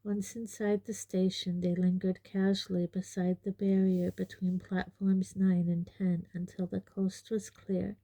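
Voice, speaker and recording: A woman narrating an audiobook in a measured, unhurried, gentle way. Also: mid-range voice, flat delivery, no echo. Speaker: audiobook reader.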